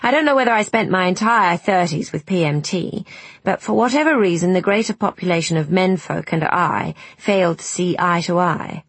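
A woman's voice: fairly low pitch, normal speed, slightly rough, no echo. A woman voicing Ruby, a frank, wry older woman who speaks bluntly with dry self-mockery.

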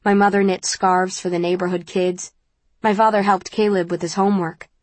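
A woman reading a novel aloud in the first person, in a calm and measured way. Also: medium pitch, dry recording. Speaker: audiobook narrator.

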